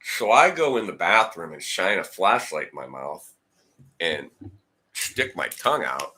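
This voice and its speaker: A man's voice: sits low, sing-song, unhurried, pushed and bright. A man telling a long personal story in a rambling, casual way, acting out the dialogue and repeating words. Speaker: guitar channel host. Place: home, indoors.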